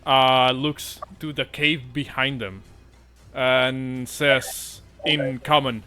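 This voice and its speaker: A man's voice: mid-range voice, level tone, drawn-out words, pushed and bright, soft background music. A man running a tabletop game as dungeon master, talking casually with many fillers and swearing often.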